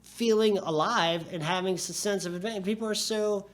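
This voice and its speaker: A man in his forties talks casually as a podcast guest, his voice sitting a little high. He rambles in an animated, loose way, dropping "dude" and "like" as he goes. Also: normal speed. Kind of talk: casual chat.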